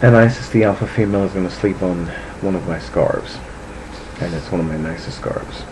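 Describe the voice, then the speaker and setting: Chatty lower-voiced man, home vlog, meandering, faint background hiss. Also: a little fast. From New Jersey. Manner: chatty, meandering, swears freely. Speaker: vlogger, psychic. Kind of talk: casual rambling chat to camera. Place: at home, indoors.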